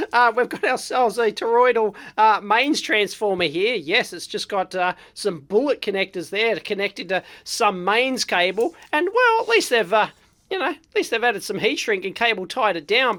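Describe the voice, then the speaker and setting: An Australian woman hosting an electronics vlog, giving blunt, excitable, unscripted commentary with frequent exclamations and fillers. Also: on the high side. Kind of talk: casual unscripted teardown commentary.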